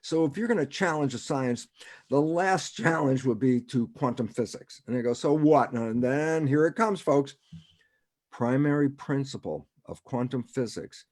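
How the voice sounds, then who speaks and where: Man explaining with rhetorical questions. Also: mid-range voice. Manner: rhetorical, keeps asking himself "why is that relevant?"; chuckles often, animated. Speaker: guest speaker. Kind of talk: conversational science explainer. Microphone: video call.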